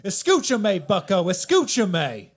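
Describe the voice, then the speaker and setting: A man putting on a bossy Southern US accent to play a gruff middle school math teacher. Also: high-pitched, huge pitch swings, a little slow, pitched above the performer's own voice, heavily acted. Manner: blustery, bossy.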